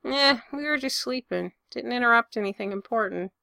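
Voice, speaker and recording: A woman voicing a calm young man who reassures his friend in a steady, blunt, teasing way. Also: on the high side, a little fast, creaky, no echo, clean studio sound. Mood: reassuring.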